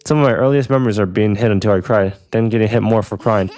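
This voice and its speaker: A man reading the lines of a troubled teenage girl from a visual novel, quiet and apologetic, over faint music. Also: fairly low pitch, fast talker, dry recording, close to an everyday voice. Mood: resigned. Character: troubled teen girl, self-deprecating prankster.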